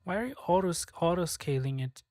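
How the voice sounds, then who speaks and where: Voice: mid-range voice, lively intonation, fairly quick, darkish tone, no room sound, clean studio sound. A streamer talking casually on a live stream while working, frustrated, swearing a lot and muttering to themselves.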